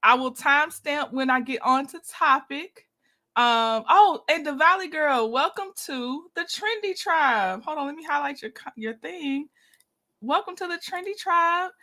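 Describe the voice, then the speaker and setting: A woman with a high, bright voice hosts a casual livestream in a loose, chatty manner. She laughs often and greets her viewers warmly by name. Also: lively intonation, a little slow. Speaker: livestream host.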